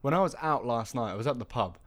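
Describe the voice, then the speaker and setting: A man's voice: medium pitch, animated, quick pace, a bit bright. A young man co-hosting a casual podcast, rambling and teasing with lots of fillers and restarts. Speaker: podcast co-host.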